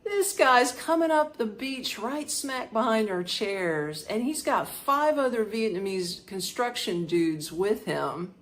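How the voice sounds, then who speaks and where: A woman telling a podcast story in a light, higher voice that swings all over her range. She talks in a casual, animated way, laughs often, and imitates the sounds she describes. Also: takes it slowly, few pauses. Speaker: podcast host.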